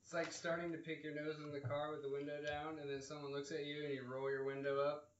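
A man's voice: on the high side, flat delivery, fast talker, slight background noise. A man joking playfully on an improvised comedy podcast in a diner. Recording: roomy, dull recording in a diner.

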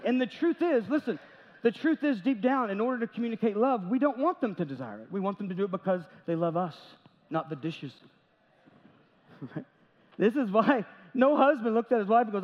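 A man's voice: high voice, lively intonation, normal speed, pauses often. A man preaching a sermon as pastor, talking conversationally, with jokes and little acted-out quotes. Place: large church sanctuary. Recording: dull audio with long church reverb.

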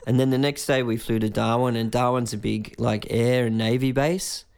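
An Australian man in his forties with a gravelly, creaky voice at a middling pitch. He rambles through a story in a loose, casual way, swearing freely and acting out other people's voices. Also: steady tone, normal speed, darkish tone. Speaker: musician guest.

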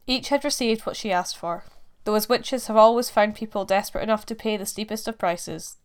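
A woman reading a folk tale aloud in a measured, expressive storytelling manner. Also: medium pitch, smooth. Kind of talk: scripted narration.

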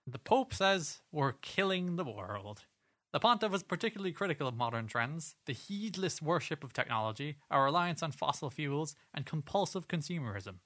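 Man, casual co-host, bright forceful tone, jokey, laughs a lot. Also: a little high. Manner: jokey, laughs often, reads news aloud. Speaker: podcast co-host. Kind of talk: casual chat.

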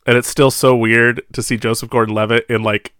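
A man's voice: mid-range voice, level tone, a little fast, a bit bright, clear, resonant tone, no room sound, clean studio sound. A man co-hosting a podcast, chatting casually about movies, rambling with frequent laughs. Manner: rambling, laughs often, acts out little dialogues. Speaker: podcast co-host.

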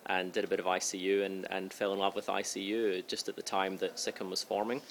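A man's voice: low-pitched, level tone, gravelly, slight background noise. A man with a light, watered-down Scottish accent, an intensive care doctor talking thoughtfully in an interview. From Scotland. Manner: thoughtful, measured, hedging. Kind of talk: conversational interview.

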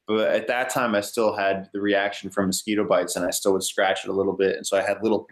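A young man casually telling a story in an interview, rambling and relaxed, with many "like" fillers. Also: lowish voice, quick pace. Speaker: guest, ecotourism company owner.

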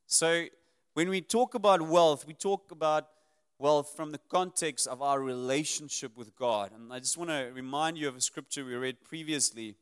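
High, smooth-voiced male preacher. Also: normal speed. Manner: earnest, builds emphasis through repeated lists. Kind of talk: sermon to a live congregation.

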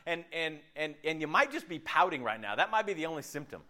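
A man's voice: on the high side, brisk, hardly any pauses. A man preaching a conversational sermon as a minister, joking and quizzing the listeners. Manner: joking, animated, asks the room questions.

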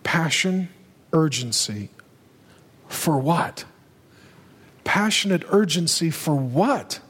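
A male pastor preaching a sermon with urgency, driving home his points and rising to loud, emphatic peaks. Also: on the high side, lively intonation, takes it slowly, breathy edge. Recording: long reverb of a large hall.

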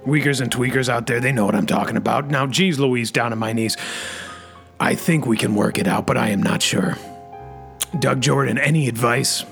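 A man's voice: medium pitch, normal speed, gravelly, fairly bright tone, soft background music. A man hosting a comedy podcast, bellowing catchphrases and stuffing "freaking" into every phrase. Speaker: podcast host. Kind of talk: comic rant in character.

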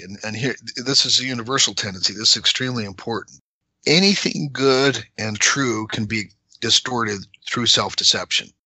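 A middle-aged man explaining scripture in a measured, conversational way, sometimes emphatic. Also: mid-range voice, bright, forceful tone, no room sound, low-quality recording.

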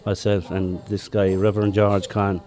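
An older man with a Limerick Irish accent, a former marathon runner telling relaxed stories in an interview with chuckles along the way. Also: on the low side, normal speed. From Ireland. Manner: chatty anecdotes with chuckles. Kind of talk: relaxed storytelling.

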